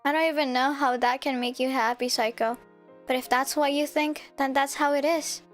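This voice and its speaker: A woman's voice: high voice, fairly even intonation, normal speed, lightly acted. A woman voicing an earnest, protective young male protagonist, reading a visual novel aloud with firm, determined promises. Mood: gentle. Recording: faint game music behind.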